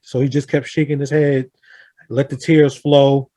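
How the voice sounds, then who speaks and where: In a casual round table discussion, the male host earnestly tells a family story, animatedly acting out the quotes. His voice is mid-range and his pace normal.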